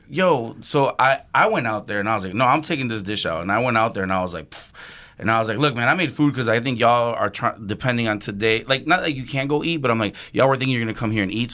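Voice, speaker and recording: A man, a chef, telling a story casually on a podcast, animated and swearing, acting out quotes with laughs. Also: fairly low pitch. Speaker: chef guest.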